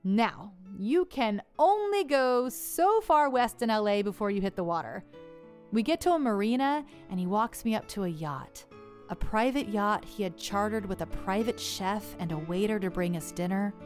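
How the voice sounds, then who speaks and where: A woman earnestly narrating a personal story in a measured way. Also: mid-range voice, expressive, a little mellow, faint music behind.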